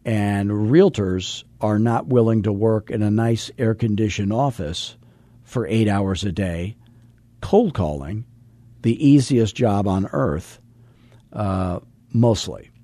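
A man's voice: on the low side, slow, mellow, no room sound. A man from Arizona, a real estate coach hosting a podcast, telling a story in a chatty, self-deprecating way with many fillers. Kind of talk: casual storytelling monologue.

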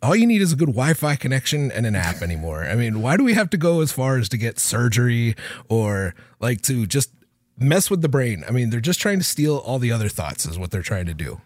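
A man's voice: medium pitch, very animated, brisk, no room sound, clean studio sound. A man co-hosting a podcast in casual chat, throwing in wry jokes and quips. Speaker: podcast co-host.

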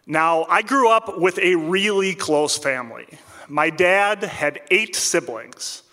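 Man, wry deadpan storytelling, high bright voice, long hall reverb. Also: slow pace. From central Minnesota, United States. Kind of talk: personal storytelling to an audience.

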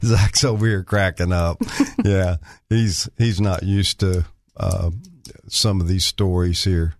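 Older Southern-state man, very low voice, dry studio sound, folksy fill-in radio host who rambles. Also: fairly even intonation, takes it slowly, dry recording. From Arkansas. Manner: rambling, folksy, many filler words. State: slightly out of breath. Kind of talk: casual talk radio.

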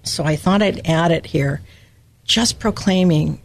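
A woman's voice: low-pitched, measured pace, vocal fry. An older woman from Hawaii giving a personal, emotional devotional Bible teaching as a podcast host.

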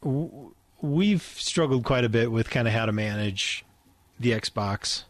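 A man's voice: mid-range voice, animated, a little slow, no echo. A man hosting a radio talk show, chatty and joking with his co-host. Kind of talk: casual radio chat.

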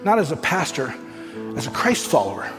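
Male pastor, sermon, conversational, acts out dialogue, slightly high voice, long reverb, faint music behind. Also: very animated, a little fast. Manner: conversational preaching, acting out everyday dialogue.

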